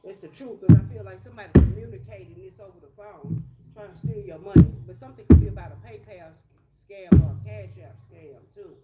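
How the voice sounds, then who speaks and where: A woman's voice: medium pitch, very animated, fast talker, phone-quality sound. A woman doing a casual tarot reading in a blunt, profane, streetwise way. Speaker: tarot reader. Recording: echoey room with loud music.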